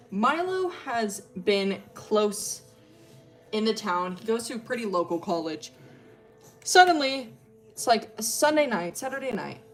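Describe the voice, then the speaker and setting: A young woman streamer casually telling a story, rambling with lots of fillers, swearing and laughing often. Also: fairly high pitch. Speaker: streamer telling character lore.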